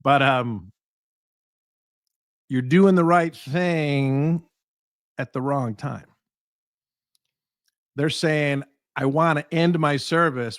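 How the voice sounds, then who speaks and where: A man's voice: a little high, drawn-out words, long pauses, dry recording, clean studio sound. A man, a guest speaker and sales trainer, giving advice in a podcast conversation and acting out the people in his stories. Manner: animated storyteller acting out quoted voices.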